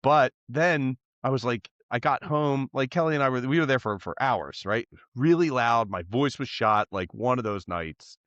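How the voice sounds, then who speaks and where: A man's voice: mid-range voice, moderate pace, few pauses, a bit bright, dry recording, highs cut off. A man co-hosting a podcast who tells a long story in a casual, rambling way, laughing as he goes. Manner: rambling, laughing anecdote teller. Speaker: podcast co-host.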